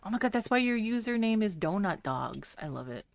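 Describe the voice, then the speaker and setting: A woman's voice: medium pitch, sing-song, brisk, gravelly. A woman streaming a game live, chatting casually, laughing and reading in-game text aloud.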